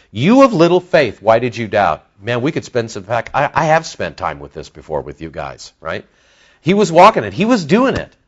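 A man preaching a sermon to his church congregation, surging loud on key words and then dropping low and soft. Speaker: pastor. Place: church sanctuary.

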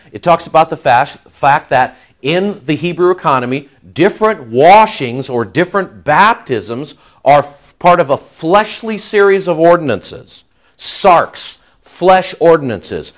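Animated man preaching a verse-by-verse sermon. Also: medium pitch. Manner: emphatic, animated Bible teaching with Greek terms. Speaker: pastor.

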